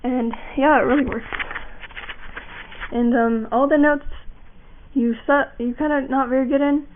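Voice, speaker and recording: A woman's voice: high-pitched, fairly even intonation, a little slow, slight background noise. A young woman giving a casual voice acting how-to, rambling with fillers and restarts. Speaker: voice acting tutorial maker. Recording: tinny lo-fi home mic.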